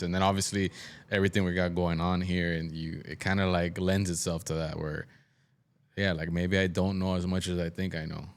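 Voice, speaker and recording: A man talking as a podcast guest in casual chat, reflective and thinking out loud. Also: low voice, little pitch movement, moderate pace, clean tone.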